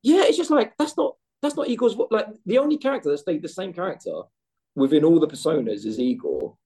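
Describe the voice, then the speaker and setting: A man co-hosting a gaming podcast, talking in animated casual chat with lots of swearing and restarts. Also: high voice, fast talker, husky. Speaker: podcast co-host.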